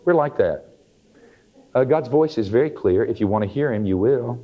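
A man's voice: mid-range voice, expressive, moderate pace. A man preaching a sermon with emphatic delivery, rising to strong peaks. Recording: dull archival sermon tape.

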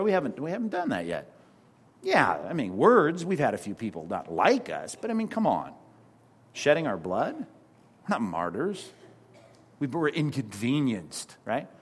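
A middle-aged male pastor preaching with a fairly high voice. He swings from lively emphasis down to hushed, mocking asides. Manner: animated preaching with sudden drops to a hush and mocking asides. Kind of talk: sermon.

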